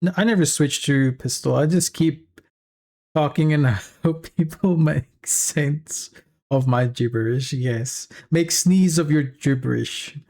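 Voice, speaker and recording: A South African man whose first language is Afrikaans chats casually on a livestream while reading chat aloud. His voice is gravelly and a little high for a man, and he talks slowly. He rambles with halting restarts and frequent chuckles, and he sounds worn out. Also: a little mellow. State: tired after long work session. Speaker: streamer.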